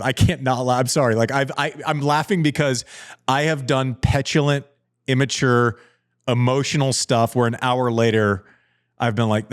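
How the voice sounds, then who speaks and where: A man's voice: medium pitch, fairly even intonation, moderate pace, dry recording, studio quality. A man hosting a podcast in casual chat, candid and self-deprecating, often repeating himself while he thinks. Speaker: podcast host.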